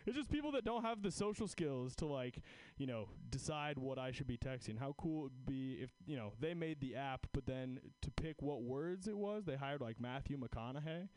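A man's voice: medium pitch, lively intonation, normal speed, darkish tone, poor audio. Guy comic doing standup, swears a lot, rambly, lots of likes and ums. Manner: profane, rambling, filler-heavy. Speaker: stand-up comedian. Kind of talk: stand-up set, then feedback chat.

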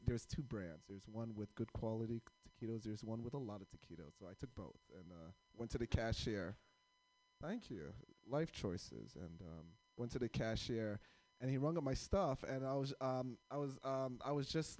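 A man's voice: medium pitch, a little mellow, no echo. A man doing stand-up comedy with crowd work, rambling and self-deprecating as he stops and starts over his fillers.

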